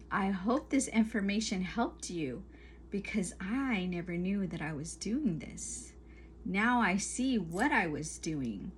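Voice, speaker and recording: An earnest woman speaks straight to camera as a spiritual coach, building her points through emphatic, repeated lists. Her voice sits at an ordinary middle pitch, with a faint hiss of background noise under the talk. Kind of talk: casual talking-to-camera advice.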